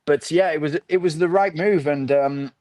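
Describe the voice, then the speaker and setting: A man's voice: a little high, normal speed, a little mellow, dry recording. Man, dry close sound. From North of England. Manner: rambling, with many restarts and fillers. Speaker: podcast guest, ultra runner. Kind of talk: casual interview chat.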